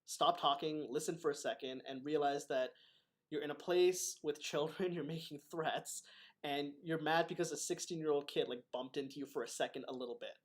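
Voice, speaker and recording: A man who teaches martial arts, hosting a casual video chat and telling a story in a lively way. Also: fairly high pitch, moderate pace. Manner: animated storytelling with laughs. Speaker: martial arts instructor and host.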